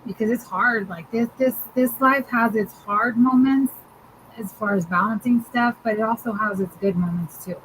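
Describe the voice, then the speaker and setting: A woman co-hosting a podcast tells a story in casual chat, peppering it with "like" and "dude" and laughing along the way. Her voice is a little high and fairly bright, at a moderate pace, on a low-quality recording with a little hiss or hum.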